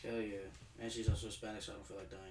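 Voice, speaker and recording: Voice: mid-range voice, level tone, very fast, darkish tone. Podcast co-host, loose and laid-back, recorded far off in a roomy space. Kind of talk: casual chat.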